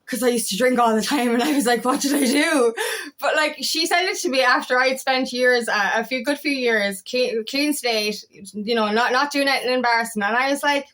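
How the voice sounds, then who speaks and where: A woman's voice: on the high side, brisk, fairly bright tone. A woman in her thirties who is a life coach, talking frankly in a casual motivational monologue, swearing freely and often repeating her words. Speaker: feminine empowerment coach.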